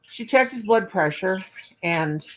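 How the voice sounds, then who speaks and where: A woman's voice: mid-range voice, lively intonation, slow pace, fairly bright tone, slight background noise, poor audio. A woman hosting her own channel, telling a long personal story in a rambling, folksy, casual way. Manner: rambling, folksy, talks in long run-on anecdotes. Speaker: crochet channel host.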